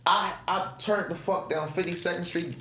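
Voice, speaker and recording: A podcast guest in his 20s who owns a clothing brand shares casual, profane stories in a voice that sits high, at a moderate pace. He's animated and acts out his past remarks, and the room has an echoey sound.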